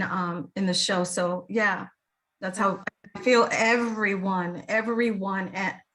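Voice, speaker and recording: A woman's voice: mid-range voice, a bit bright. A woman stage actor chatting effusively about her role in a casual interview, laughing easily.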